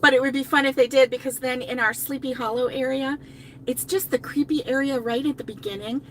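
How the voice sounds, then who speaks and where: Her voice sits high with a steady tone and a slightly fast pace, over a little hiss or hum. She's an older woman hosting a crochet channel, chatting loosely from her car on a live stream, laughing often and reading viewer comments.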